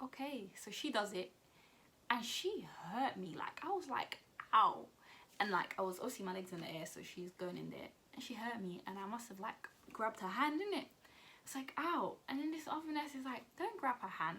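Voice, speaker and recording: A woman's voice: medium pitch, slight background noise. A young woman, chatting casually through a storytime vlog, retelling events with lots of fillers and acted-out quotes. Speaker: vlogger.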